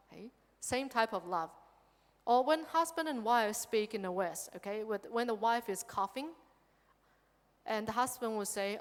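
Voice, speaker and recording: A woman with a fairly high voice teaches a Buddhist sutra as a nun giving a dharma talk. She keeps her lecture engaging and checks in with her listeners by asking "okay?" The sound carries a long hall reverb. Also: normal speed, long pauses. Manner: lively, checks in with "okay?" often.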